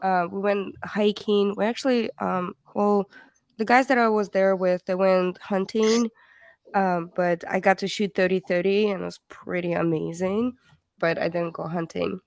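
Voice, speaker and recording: A woman's voice: mid-range voice, steady tone, moderate pace, vocal fry, a little mellow, no echo. A woman hosting a casual livestream, reading comments aloud in a chatty way that laughs easily and trips over words. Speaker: livestream host.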